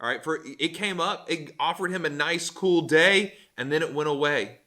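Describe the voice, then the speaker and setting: A man giving a casual Bible lesson as a youth pastor, animated and joking, with lots of fillers. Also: a little high, normal speed.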